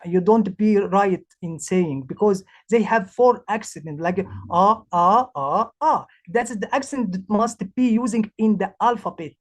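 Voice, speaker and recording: Halting woman presenting in English. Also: mid-range voice, a little mellow. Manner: halting, searching for words, many restarts. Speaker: language teacher presenting a project. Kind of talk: presentation talk.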